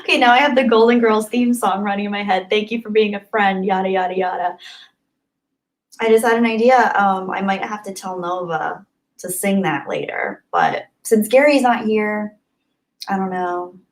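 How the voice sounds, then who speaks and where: A woman's voice: medium pitch, expressive, normal speed, low-quality recording. A young woman hosting a live stream, reading viewer messages and thanking them in an emotional, effusive way. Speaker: livestream host.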